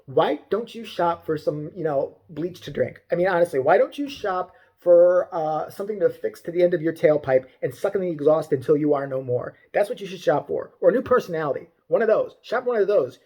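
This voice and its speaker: Fast, foul-mouthed ranting man. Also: a little high, a little mellow, breathy edge. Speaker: vlogger. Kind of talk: profane comedic rant.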